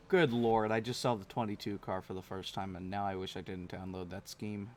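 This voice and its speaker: A man's voice: lowish voice, slight background noise. A man hosting a sim racing broadcast, talking casually and rambling with frequent restarts. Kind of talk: live stream race commentary.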